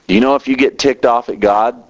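A middle-aged minister preaches a sermon with mounting passion, his pitch climbing whenever he gets emotional. He speaks briskly, and the recording is rough.

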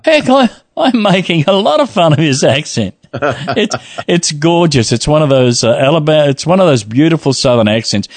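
A man's voice: a little high, sing-song, normal speed, no room sound. A man co-hosting a religious talk show, reading a listener's email aloud with playful asides and frequent laughter. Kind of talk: casual chat.

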